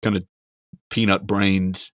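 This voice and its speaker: A man's voice: deep voice, little pitch movement, slow, dry recording, studio quality. A man co-hosting a podcast, talking in a rambling, casual way and swearing now and then. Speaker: podcast co-host. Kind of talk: casual chat.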